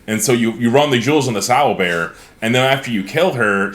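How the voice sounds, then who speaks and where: Excitable, profane male podcast co-host, mid-pitched, jumps into quick character voices. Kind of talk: casual chat.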